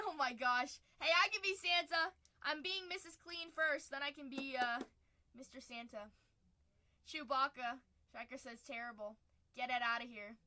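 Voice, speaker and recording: Bright, high-voiced woman streaming card breaks. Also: measured pace. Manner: chatty and upbeat, calling out each card pulled. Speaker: host of a live trading card break stream. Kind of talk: casual live-stream chat.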